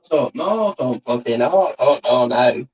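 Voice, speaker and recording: Guy rambling on his model build stream, husky voice, muffled lo-fi audio. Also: medium pitch, expressive, measured pace. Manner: chatty, rambling, reads out viewer comments. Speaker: model-kit livestream host. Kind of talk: rambling casual livestream chat.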